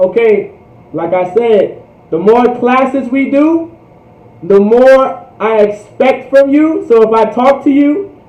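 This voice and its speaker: A man teaching a language class, drilling phrases slowly and repeating them, with casual asides. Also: high voice. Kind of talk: livestreamed language lesson. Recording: echoey, distant, dull lo-fi room sound.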